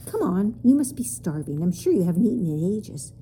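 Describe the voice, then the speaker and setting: A woman voicing a friendly, lonely moose-like royal creature with a deep voice and a lisp in a storybook reading. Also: sing-song, fairly quick, dark tone, slight background noise, close to an everyday voice. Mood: chatty. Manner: cheerful, chatty, a little vain.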